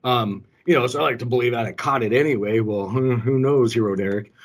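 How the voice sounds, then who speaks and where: A man's voice: mid-range voice, brisk. A man co-hosting a casual show, telling a rambling personal story with lots of ums and restarts. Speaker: co-host. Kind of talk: casual call-in show chat.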